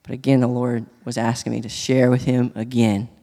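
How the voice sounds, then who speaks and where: A man sharing a personal testimony in church, speaking earnestly and haltingly, with many restarts. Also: medium pitch, level tone, dark tone. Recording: long hall reverb.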